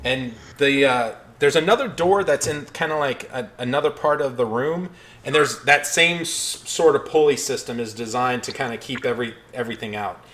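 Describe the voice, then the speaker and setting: A man narrating a tabletop game as game master, hesitant with many pauses and restarts. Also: mid-range voice, fairly bright tone.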